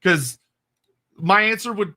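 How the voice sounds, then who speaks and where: A man with a high, bright voice chats casually on a livestream, taking questions from the chat. He talks fast and often stops to correct himself, laughing between answers. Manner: quick, digressive, laughing, self-correcting.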